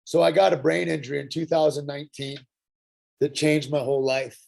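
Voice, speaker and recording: A middle-aged man telling his personal recovery story at a workshop, earnest and halting, with frequent pauses and restarts. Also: on the high side, steady tone, creaky, a little mellow. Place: Santa Fe.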